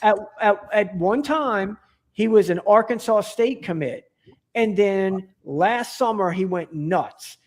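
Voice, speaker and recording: A man's voice: high-pitched, slow pace. A man talking as a podcast guest in casual chat, rambling and enthusiastic, with many restarts and fillers.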